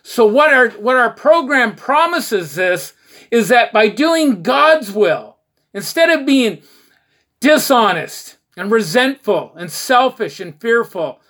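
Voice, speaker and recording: A man's voice: very high voice, lively intonation, slow, a bit bright. A man speaking at a recovery meeting, giving an earnest, preachy talk on the twelve steps, full of rhetorical questions and short anecdotes.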